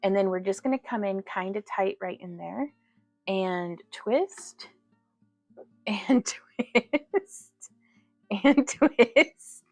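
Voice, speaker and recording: A woman's voice: mid-range voice, slow pace, creaky, pauses often, a little mellow, no room sound, soft background music. A woman hosting a casual jewelry-making livestream from her home craft room, chatting with viewers, laughing often and cooing at her cat.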